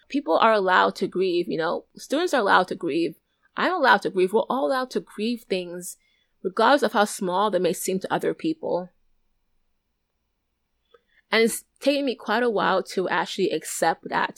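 A young adult woman talks through her own thoughts on a solo podcast, earnest and open. Her voice sits at an everyday middle pitch, and she often circles back over a phrase before she finishes it. The sound is dry and close, with no room around it. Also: no echo. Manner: candid and earnest, often repeating and restarting phrases. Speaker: podcast host. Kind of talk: solo reflective podcast monologue.

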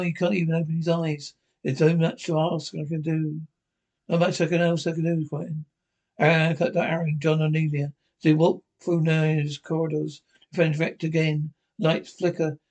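A man reading aloud a fan-written scene description of a TV episode, halting and often stumbling and repeating words. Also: on the high side, flat delivery, darkish tone. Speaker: narrator.

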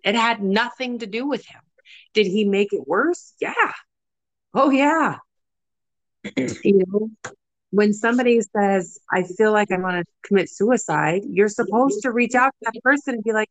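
A middle-aged woman telling a personal story in candid conversation, emotional and animated. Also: medium pitch, a little slow, no room sound.

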